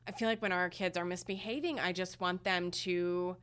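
A woman co-hosting a casual podcast, talking in an emotional, halting way full of fillers. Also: lowish voice, fairly even intonation, a bit bright, clean tone. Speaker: podcast co-host.

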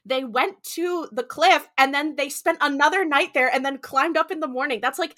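A podcast co-host with a feminine voice, high and bright. They chat casually in a jokey, self-mocking way and laugh often. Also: female voice, normal speed.

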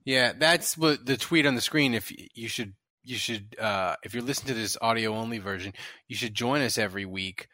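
A man hosting a casual sports talk show, animated and rambling with restarts. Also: medium pitch, fairly quick, no echo, clean studio sound. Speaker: podcast host.

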